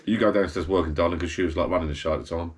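A deep-voiced man races through a rambling monologue of pub stories to camera, keeping a steady tone in his backyard garden bar. As a vlogger he's chatty and blokey, drifting around and fixing his own slips.

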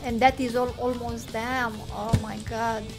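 Young woman streamer who talks slowly in a high voice, shouts at the game and mutters to chat; faint game music underneath. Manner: excitable, talks to chat, exclaims loudly and mutters numbers. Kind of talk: casual gameplay commentary.

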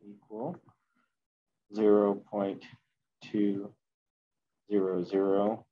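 A man lectures a chemistry class, talking slowly through a calculation and catching his own mistakes along the way. His voice sits a little low. The classroom recording sounds dull and lo-fi. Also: flat delivery. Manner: slow, thinking aloud while working math at the board, self-correcting. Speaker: chemistry instructor.

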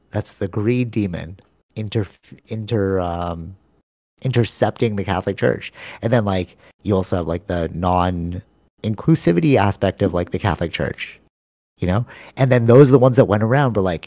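Heard through a studio mic without echo, this co-host has a fairly low, darkish voice at normal speed. He's a young man short on sleep, rambling through casual podcast chat in slang and calling his friend "bro."

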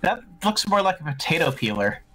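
A man's voice: a little high, big pitch swings, a little fast, pushed and bright, low-quality recording. A man playing a game alongside a streamer, chatting casually with teasing, dry quips. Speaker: co-player. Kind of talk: casual let's-play chat.

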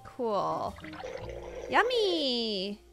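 A young woman talks through a video game in a chatty, giggly way. Her voice is high and very lively, leaping up at surprises. She reacts loudly and laughs often. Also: drawn-out words, creaky, soft background music. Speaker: gaming video host. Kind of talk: gameplay commentary.

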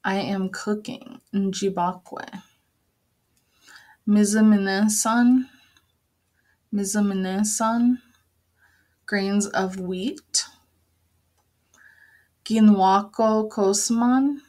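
Slow, patient woman teaching vocabulary. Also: mid-range voice, fairly even intonation, a little mellow. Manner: patient, repeats each word slowly, frequent fillers. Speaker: language teacher. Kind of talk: slow, careful vocabulary lesson with repeated words.

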